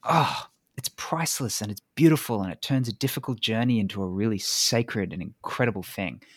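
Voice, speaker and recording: A man's voice: on the low side, fairly quick, husky, no echo, studio quality. A man hosting a podcast in casual conversation, talking in an earnest, reflective and openly enthusiastic way. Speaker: podcast host.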